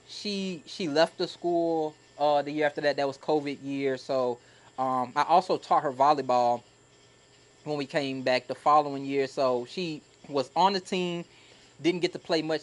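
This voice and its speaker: Animated, heartfelt male storyteller. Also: mid-range voice. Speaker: podcast co-host, former teacher. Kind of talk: casual conversational storytelling.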